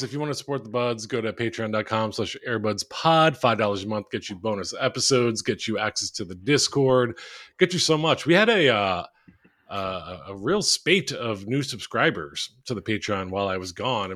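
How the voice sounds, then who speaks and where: A man's voice: on the low side, animated, moderate pace, a bit bright. A young adult man co-hosting a podcast, in casual joking banter with a dry delivery. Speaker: podcast co-host.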